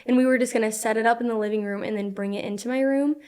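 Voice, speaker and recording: As a podcast guest, a young woman recounts a personal story in casual fashion, her slightly high voice clear and resonant. She races along animatedly, sprinkling in lots of "like" and acting out the lines she quotes.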